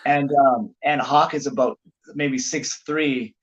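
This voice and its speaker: A middle-aged man, a pro wrestler guest on a podcast, telling anecdotes in an animated, casual way with lots of "like" fillers. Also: mid-range voice, slow, muffled recording.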